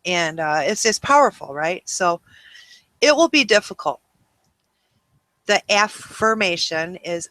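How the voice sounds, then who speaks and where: Bright, dry-voiced woman hosting a webinar. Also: on the low side, expressive, slow, long pauses, dry recording. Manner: rambling, many ums and you-knows. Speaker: webinar host. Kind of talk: casual webinar talk.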